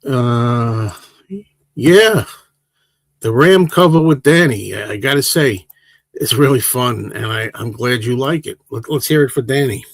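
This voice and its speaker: This medium-pitched, slightly slow male voice belongs to a livestream host in his sixties. Relaxed and rambling, he works through the chat questions one at a time, and the recording has no echo.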